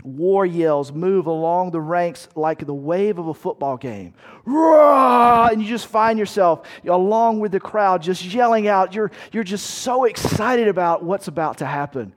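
A man with a high voice preaches in a vivid storytelling manner. He speaks straight to his listeners and puts them inside a battle scene. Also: normal speed, few pauses. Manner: vivid second-person storytelling, shouting quoted commands. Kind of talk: sermon illustration.

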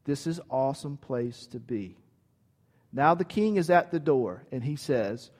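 Man, preacher, sermon, emphatic, conversational, high voice, long hall echo. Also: sing-song, unhurried. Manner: emphatic, conversational, asks "right?".

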